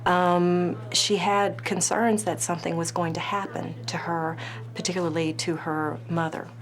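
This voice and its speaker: Measured woman counselor, low and flat. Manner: measured, clinical, with many fillers. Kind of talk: interview.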